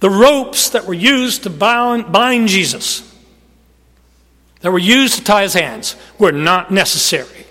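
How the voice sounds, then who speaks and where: High-voiced preacher in an echoing hall. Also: male voice, animated, measured pace. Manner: emphatic preaching that swings from loud to hushed. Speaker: pastor. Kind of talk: sermon.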